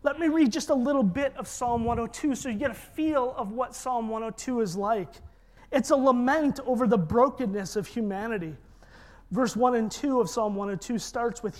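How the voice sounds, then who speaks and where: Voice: mid-range voice, moderate pace. A preacher giving an emphatic sermon and leading the congregation in call-and-repeat. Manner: emphatic, leads congregation in repetition.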